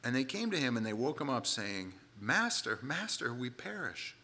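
A man's voice: mid-range voice, big pitch swings, moderate pace, bright, forceful tone. A man preaching a sermon, retelling a Bible story with dramatic quoted voices.

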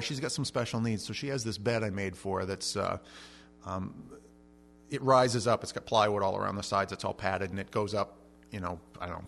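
A middle-aged man preaching a sermon, telling stories with lively swings in pitch and loudness and often repeating words as he starts a sentence. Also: creaky, slight background noise. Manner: animated storytelling with big swings in pitch and loudness. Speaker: pastor.

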